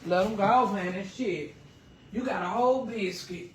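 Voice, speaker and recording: A woman's voice: medium pitch, moderate pace, slight background noise. A middle-aged woman hosting a casual cooking livestream, folksy and salty, calling her viewers baby and honey.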